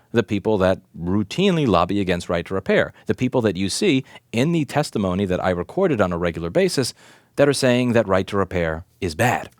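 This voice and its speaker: Man, lower voice, swinging wildly in pitch, indignant, rhetorical questions, swearing, dry close sound. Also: dry recording. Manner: impassioned, indignant, swears for emphasis; rhetorical questions, hammering repetition. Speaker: repair shop owner and right-to-repair advocate. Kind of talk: direct-to-camera commentary rant.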